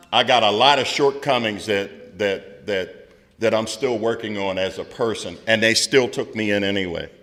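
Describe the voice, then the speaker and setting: A middle-aged man speaking at a recovery meeting, telling his story in a loud, blunt, candid way with plenty of swearing. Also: fairly low pitch. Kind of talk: candid personal recovery share. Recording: long hall reverb.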